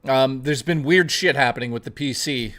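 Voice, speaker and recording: A man's voice: mid-range voice, normal speed, a bit bright. A young man livestreaming, casually reading out viewer messages and riffing on them with plenty of swearing. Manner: loose, profane, reads viewer messages aloud and riffs on them. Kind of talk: casual live stream chat.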